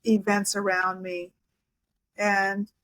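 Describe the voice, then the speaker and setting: Female guest, hypnotherapist, mid-pitch, reflective and halting. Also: monotone, fairly bright tone, low-quality recording. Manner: reflective, halting with many restarts and fillers. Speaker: guest hypnotherapist and life coach. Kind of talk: casual interview talk.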